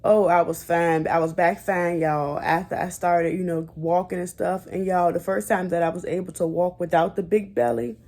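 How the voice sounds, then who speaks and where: A woman's voice: on the low side, steady tone, normal speed, hardly any pauses, darkish tone. A young woman vlogger telling her own story in a casual, chatty way, talking straight to her viewers and getting emotional at times. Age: young adult. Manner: chatty, addresses viewers as y'all.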